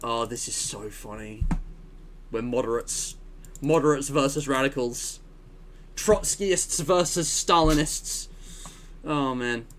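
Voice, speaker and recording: A man's voice: medium pitch, takes it slowly, long pauses, a little hiss or hum. A man hosting a game stream, chatting casually and amused, with frequent laughs and wry asides. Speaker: streamer and channel host.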